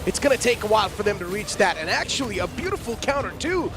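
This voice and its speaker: A man giving animated live commentary on an esports match and teasing his co-casters. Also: sits high, fast talker, noisy background.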